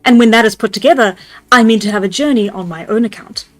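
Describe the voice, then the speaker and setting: A woman voicing an earnest Victorian gentleman inventor, explaining his machine eagerly. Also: a little high, fast talker, soft background music, natural voice. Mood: confident.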